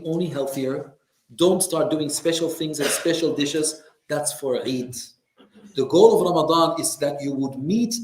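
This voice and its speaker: A man delivers a religious lesson to a class with lively, teasing energy, now and then mimicking the people he describes. His voice sits a little high for a man. The sound carries the ring of a reverberant community hall. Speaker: religious teacher. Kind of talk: lecture to a class. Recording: echoey hall.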